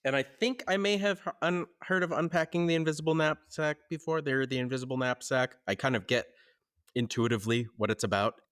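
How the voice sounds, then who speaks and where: A man's voice: medium pitch, a little fast, a bit bright. A man from California co-hosting a casual podcast, telling stories in an easygoing way and laughing often. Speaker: podcast co-host.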